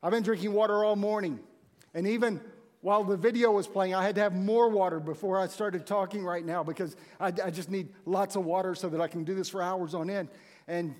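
Animated preacher, high voice. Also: male voice, a little fast. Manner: conversational, animated storytelling with acted-out quotes. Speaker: pastor. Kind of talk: sermon. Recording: long hall reverb.

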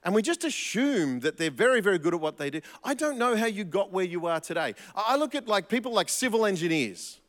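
A fairly high-voiced man preaching with a lively, swooping delivery, often restarting and repeating himself for emphasis. His voice rings out with a long hall reverb around it. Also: a little fast, few pauses. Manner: animated, with frequent restarts and emphatic repetition. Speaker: pastor. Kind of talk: sermon.

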